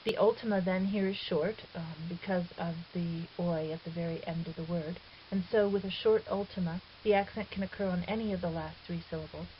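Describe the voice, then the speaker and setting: A woman teaching a recorded grammar lesson, explaining step by step in a patient, methodical way. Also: lowish voice. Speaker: Greek teacher. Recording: dull lo-fi audio with faint hiss.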